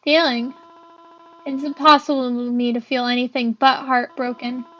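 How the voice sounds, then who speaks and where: A woman's voice: sits high, little pitch movement, moderate pace, fairly bright tone, highs cut off. A girl voicing a grieving mother who mourns her young daughter and speaks sorrowfully, close to tears. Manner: sorrowful, tearful, apologetic.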